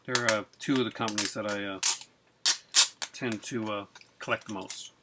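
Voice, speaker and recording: A man hosting a casual unboxing vlog who talks in an excitable, rambling way with many fillers. He sounds chilled from being out in the cold and rain. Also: on the low side, normal speed, heavy background noise. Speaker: video host.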